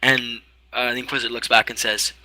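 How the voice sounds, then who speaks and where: Bright-voiced male game master. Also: medium pitch, little pitch movement, fairly quick, low-quality recording. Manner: rambling narration with many fillers and restarts. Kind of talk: narrating a tabletop game.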